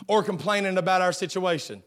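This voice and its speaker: A male pastor preaching a sermon, swinging from fervent shouting to hushed lines, often repeating words as he restarts. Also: high-pitched, a little fast.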